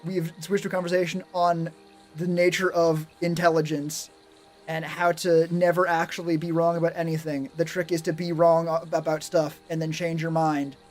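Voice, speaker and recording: High-voiced sarcastic rambling streamer man. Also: level tone, moderate pace, a little mellow, faint music behind. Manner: rambling, sarcastic, heavy swearing. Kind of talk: casual live-stream chat.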